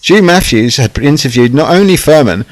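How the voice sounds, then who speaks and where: A man's voice: medium pitch, lively intonation, normal speed, rough recording. A man narrating a scripted documentary in a sardonic way, with catty asides.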